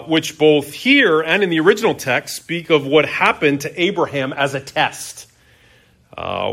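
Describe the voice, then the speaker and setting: A middle-aged man preaching a sermon as pastor, conversational, asking his listeners questions and often pausing on "uh". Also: medium pitch, sharp tone. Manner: conversational, asks the congregation questions.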